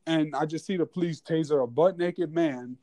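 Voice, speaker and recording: A young man from New York, hosting a casual chat and telling a story in a relaxed way, with many "like"s. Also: a little high, moderate pace. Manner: laid-back, filler-heavy, many "like"s. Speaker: host.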